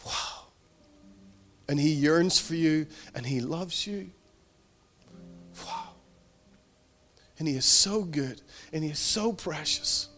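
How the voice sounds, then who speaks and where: A man preaching a sermon as pastor, fervent and repetitive, swinging between emphatic rises and hushed, tender passages. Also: fairly high pitch, takes it slowly, long pauses.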